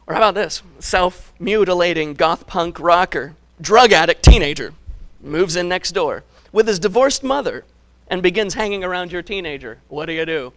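Guy preaching a sermon, high voice, emphatic but chatty. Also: expressive, moderate pace. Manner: emphatic, conversational, chuckles at himself.

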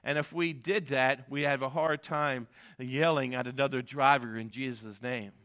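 A middle-aged male pastor preaching a sermon, building to emphatic peaks and dropping low for asides, with repeated "amen" and "guess what". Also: fairly even intonation, normal speed, fairly bright tone.

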